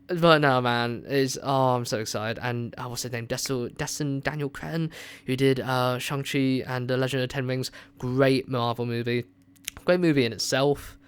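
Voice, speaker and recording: Smooth-voiced, rambling, excitable man. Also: medium pitch, normal speed. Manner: rambling, enthusiastic, lots of filler words. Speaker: radio show host, movie reviewer. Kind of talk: excited casual movie chat.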